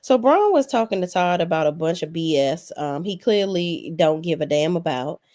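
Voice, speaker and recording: Woman, lowish voice, sassy and profane, casual recap host talking back to the screen. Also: expressive, normal speed, a little mellow. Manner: sassy, blunt, profane, talks straight to the cast. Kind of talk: casual opinionated recap commentary.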